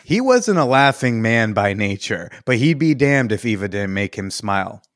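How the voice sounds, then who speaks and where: A man's voice: fairly low pitch, sing-song, normal speed, dry recording, clean studio sound. A man hosting a podcast, reading fiction aloud in a matter-of-fact way with joking asides. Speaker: podcast host.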